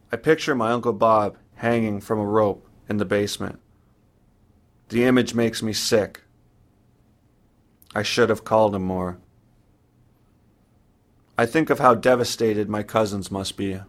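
A man narrating a personal story in the first person, in a somber, measured way. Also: lowish voice.

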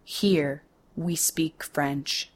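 A woman doing a gruff, mocking middle-aged Quebec man. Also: lowish voice, slow, fairly bright tone. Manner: snorting, condescending.

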